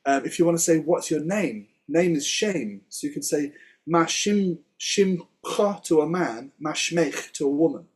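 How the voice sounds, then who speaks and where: Husky man chatting through a Hebrew lesson. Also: on the high side, normal speed, hardly any pauses, darkish tone. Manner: chatty, laughs often, explains word by word. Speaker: Hebrew teacher. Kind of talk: casual Torah study chat.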